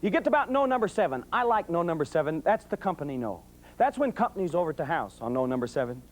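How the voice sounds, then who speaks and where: A man's voice: a little high, very animated, fast. A middle-aged man giving a folksy, humorous talk on raising children, acting out voices as he tells stories. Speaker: police sergeant giving parenting talk. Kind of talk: folksy talk to a live audience.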